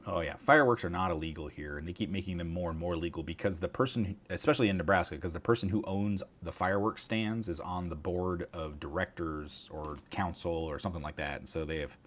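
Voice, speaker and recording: Deep-voiced man chatting casually on a stream. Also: brisk, few pauses. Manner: rambling, swearing, chuckling, mutters asides. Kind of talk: casual livestream chat.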